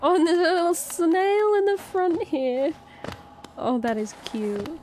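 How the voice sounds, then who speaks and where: A woman giving casual, excitable commentary as she plays a game, gasping and swearing at enemies. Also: very high voice, a little slow, a little hiss or hum. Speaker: gaming streamer. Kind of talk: casual let's-play commentary. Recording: game music playing behind. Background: game music.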